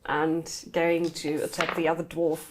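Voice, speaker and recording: A woman narrating a tabletop game as game master, animated and laughing often, sometimes restarting words. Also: low-pitched, unhurried, background noise.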